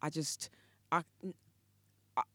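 A woman's voice: slow pace, a bit bright, no echo, clean studio sound. A woman co-hosting a casual podcast chat, thoughtful, often restarting her sentences and backing the other speaker up. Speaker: podcast co-host.

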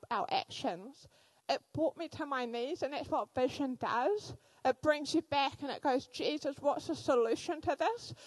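Thirties woman preaching, chatty animated stories, kinda high voice, dry close sound. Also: dry recording, rough recording. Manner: animated storytelling with fillers. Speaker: church speaker. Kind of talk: sermon with personal stories.

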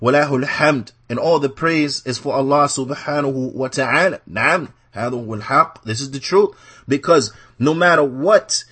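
A man's voice: medium pitch, fairly quick, hardly any pauses, sharp tone, breathy edge. A man teaching a religious class in a mosque. He reads short Arabic passages, explains them in English, repeats key phrases, and asks himself "what?" before giving the answer.

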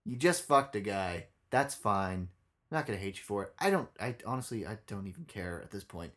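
A man's voice: on the low side, brisk. A young man co-hosting a casual podcast, telling a story bluntly with lots of swearing. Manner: profane, blunt, animated storytelling. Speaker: podcast co-host.

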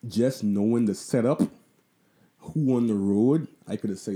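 A young man with a Bahamian accent tells a story casually, swearing freely and breaking off for asides. His voice sits on the low side, with a very dark, mellow tone. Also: unhurried. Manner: profane, loose and conversational, with lots of asides. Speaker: vlogger.

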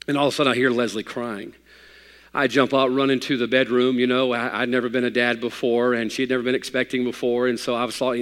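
A man's voice: medium pitch, fairly even intonation, a little fast, fairly bright tone. Male pastor, folksy storyteller who builds to fervent preaching; church hall with long reverb. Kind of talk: sermon.

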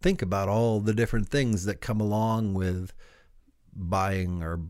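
A man's voice: lowish voice, a little slow, darkish tone, dry recording, studio quality. A man co-hosting a podcast in casual chat, rambling and leaning on filler words. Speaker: podcast co-host.

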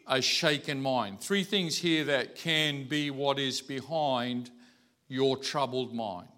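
Aussie pastor giving a sermon, chatty, lots of stops and restarts. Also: male voice, mid-range voice. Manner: conversational preaching with many restarts, softening to a quiet storytelling voice.

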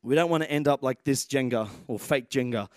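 A man in his thirties preaching a sermon as pastor, telling stories with animated energy and sudden shouts. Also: mid-range voice, fairly quick, dry recording, studio quality. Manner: animated storytelling, shouts at dramatic moments.

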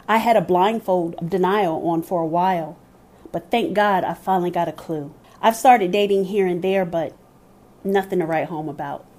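A woman's voice: fairly low pitch, darkish tone. A woman giving scripted first-person narration of a story, telling it in a candid, wry way.

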